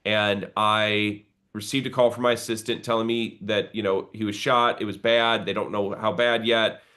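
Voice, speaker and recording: Pastor, male, low voice, earnest and preacherly, heard over a video call. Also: level tone, normal speed, sharp tone. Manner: earnest, building to preacherly exhortation. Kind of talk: live video-call conversation.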